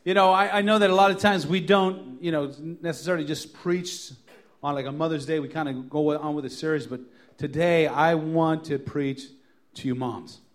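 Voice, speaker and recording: A middle-aged pastor delivers a sermon in a church, his voice sitting a bit higher than most men's. He tells funny stories in a loose, conversational way and leans hard into emphatic, repeated refrains. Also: moderate pace. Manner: joking storyteller who builds to emphatic repeated lines. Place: church sanctuary.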